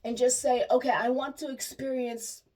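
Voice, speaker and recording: A woman's voice: high-pitched, normal speed, recorded from a distance. A woman telling personal stories in a casual, chatty way, acting out the lines of the people in them. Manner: chatty and animated, acts out quoted dialogue, many restarts. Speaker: vlogger sharing personal stories. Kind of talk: casual storytelling monologue.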